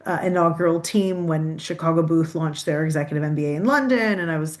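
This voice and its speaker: A woman's voice: sits low, a little fast. A Canadian woman with a Canadian accent, answering interview questions in a chatty way, with many restarts and fillers, over a video call. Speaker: guest.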